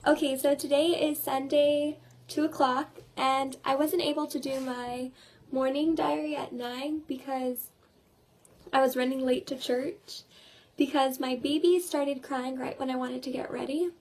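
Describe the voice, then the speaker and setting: Chatty teenage girl, high voice. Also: fairly even intonation, unhurried, background noise. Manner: chatty, laughing, retelling with quoted voices. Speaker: vlogger. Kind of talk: casual video diary.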